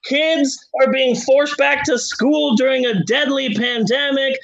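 A man's voice: very high-pitched, fairly even intonation, unhurried, gravelly, fairly bright tone, muffled recording. A man co-hosting a comedy podcast, ranting in theatrical, profane mock outrage. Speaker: podcast co-host.

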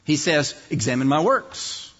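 A man preaching a sermon in an explanatory, lively way, at times acting out other voices mockingly. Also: a little high, a little slow, breathy edge. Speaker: pastor. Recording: dull distant sound in a reverberant hall.

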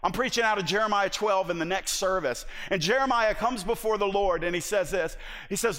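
A man's voice: high voice, a little fast, bright, forceful tone. A man preaching a sermon in an impassioned, emphatic way, often restarting his words. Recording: long reverb of a large hall.

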